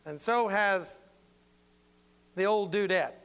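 A man's voice: sits high, takes it slowly, a bit bright, clear, resonant tone. An older man preaching an informal sermon in a folksy, playful way with many asides.

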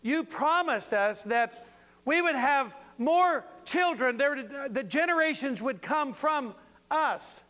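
A man's voice: very high-pitched, animated, slow, bright, forceful tone, big-room sound, pitched above the performer's own voice, full character voice. A man voicing an aged biblical patriarch who urgently protests and pleads with God in disbelief. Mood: pleading protest.

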